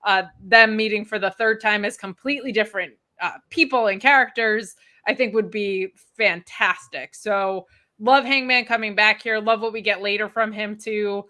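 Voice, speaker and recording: A woman's voice: medium pitch, moderate pace, pushed and bright. A woman guest co-hosting a casual chat, teasing with dry jokes. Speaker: guest co-host.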